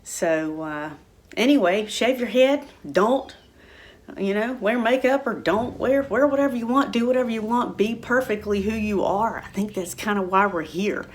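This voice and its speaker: A middle-aged woman talking casually and warmly about her own life, rambling with many fillers and restarts. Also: mid-range voice, normal speed. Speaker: spiritual center speaker. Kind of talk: casual personal talk.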